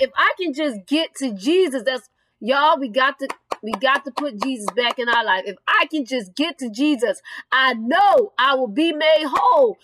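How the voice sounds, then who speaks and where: A woman's voice: sits high, fairly bright tone, slight background noise. A woman preaching a sermon in an earnest, direct way, reading scripture and speaking straight to singles.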